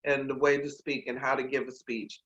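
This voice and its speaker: A woman media expert giving brisk, encouraging advice as an interview guest over a video call. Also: very deep voice, level tone. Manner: brisk, encouraging, plugging her show. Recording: dull lo-fi call audio.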